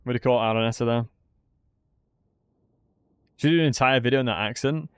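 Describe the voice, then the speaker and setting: A man's voice: medium pitch, fairly quick, clear, resonant tone, no echo. A man giving casual commentary while playing a strategy game, chatting and thinking aloud. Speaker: gaming streamer.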